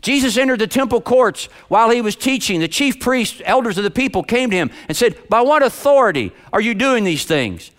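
A man preaching a sermon in a church, lively and rhetorical, stretching out key words for emphasis. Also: very high-pitched, fairly quick, few pauses. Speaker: pastor.

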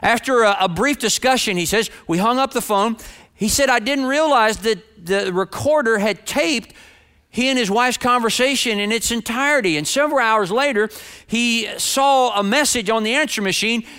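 A man's voice: extremely high pitch, normal speed, sharp tone, clean tone. A man preaching a sermon to his congregation, earnest and direct, often repeating phrases for emphasis. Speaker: pastor.

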